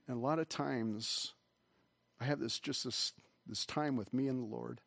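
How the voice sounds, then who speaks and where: A man of middle pitch preaches in an easy, conversational way, circling back and restarting as he goes. His delivery is earnest and sometimes emotional. The sound is close and dry, with little room in it. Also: normal speed, vocal fry, fairly bright tone, slightly rough, no echo. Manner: rambling, earnest, with many restarts and fillers. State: emotional, voice catching. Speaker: pastor. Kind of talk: conversational sermon. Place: church hall.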